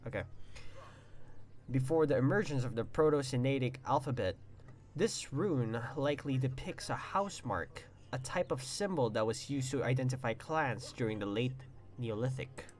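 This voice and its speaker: A young man streaming a visual novel, reading the text aloud and reacting with loud exclamations and swearing. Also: medium pitch, moderate pace. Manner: excitable, swears and exclaims between read-out passages.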